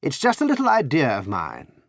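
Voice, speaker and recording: A self-possessed adventurer, cool and assured, with a lively, smiling lift in his tone, as the reader plays him. Slightly husky and recorded close and dry. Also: mid-range voice, normal speed, no room sound, pitched above the performer's own voice. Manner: cool, assured, sometimes soothing.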